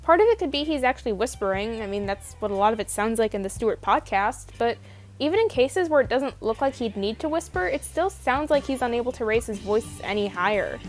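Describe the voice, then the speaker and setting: A young woman reads her video essay script with a high voice, wry and opinionated, swearing now and then. Soft music plays beneath her narration. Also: animated, a little fast. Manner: opinionated, wry, casually profane.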